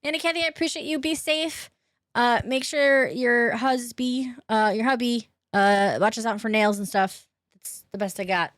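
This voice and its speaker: A woman with a fairly high voice speaks at a normal pace while streaming a game from home. Her chat with viewers is casual, full of name greetings, frequent laughter and offhand swearing. The sound is studio quality, free of echo.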